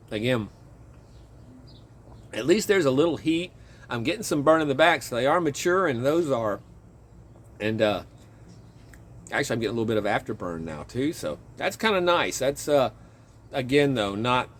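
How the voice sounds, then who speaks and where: A man casually chatting in his garden outdoors, rambling and chuckling as he talks, with a relaxed, self-interrupting way of speaking. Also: mid-range voice, a little hiss or hum. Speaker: vlogger and home gardener.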